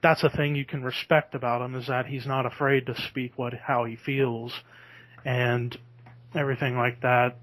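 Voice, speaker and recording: A man's voice: medium pitch, flat delivery, moderate pace, a bit bright. A man hosting a podcast in casual chat, talking easily and breaking into laughter. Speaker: podcast host.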